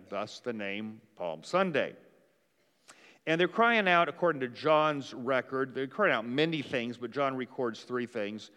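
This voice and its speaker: A man preaches a sermon in an easy, talky way, trailing into fillers and restarting his lines. His voice sits at a middle pitch. It rings out with the long reverb of a large hall. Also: a little slow, fairly bright tone, clean tone. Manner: casual, conversational preaching with frequent fillers and restarts. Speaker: pastor.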